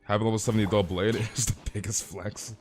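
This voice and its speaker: A young man streaming a game live, chatting casually with viewers and telling animated, exaggerated stories. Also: on the low side, fairly quick, over music. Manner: casual, animated, reads chat aloud, exaggerates. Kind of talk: live stream chat while playing.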